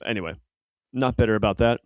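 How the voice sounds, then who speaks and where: Man, podcast co-host, casual football talk, rambling, lowish voice, dry close sound. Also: fast, dry recording. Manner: rambling, filler-heavy, self-correcting.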